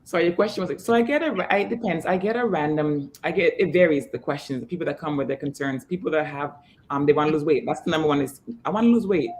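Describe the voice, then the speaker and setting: Fitness trainer lady talking fast and pushy-motivational on a video call, bit of hiss behind. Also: deep voice. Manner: emphatic, motivational, fast restarts. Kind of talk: interview guest.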